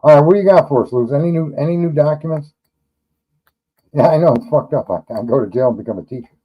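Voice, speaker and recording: A man's voice: fairly high pitch, fast talker, muffled recording. Blunt, profane New man. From New York. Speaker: livestream host. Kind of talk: casual livestream chat.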